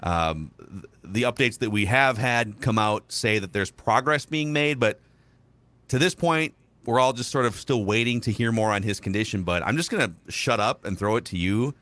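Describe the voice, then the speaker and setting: A man's voice: lowish voice, normal speed, fairly bright tone, no room sound. A man hosting a sports podcast, setting up questions in a loose, rambling, self-deprecating way. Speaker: podcast host. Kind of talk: podcast interview.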